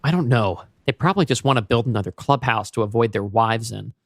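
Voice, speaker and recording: Tired lonely camp guy, calm and plain, man reading him in his own voice, dry mic. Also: medium pitch, a little fast, no echo, natural voice. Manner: calm, tired, matter-of-fact. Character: weary lonely grown man, a creature watcher. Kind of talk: podcast story reading.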